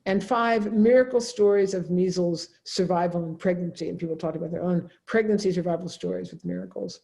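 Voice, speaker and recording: Mellow-voiced woman lecturing on ethics. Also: lowish voice, steady tone, a little fast, vocal fry. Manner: conversational, often adds a questioning "right?". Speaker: professor of religion and ethics. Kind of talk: academic seminar lecture.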